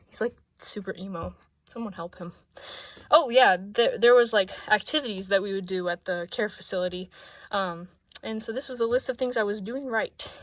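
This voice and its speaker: A woman in her twenties, out of breath, chatting casually at her desk in a rambling, excitable way that often drops to soft mumbles. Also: medium pitch, no echo. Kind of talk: casual sketchbook tour vlog.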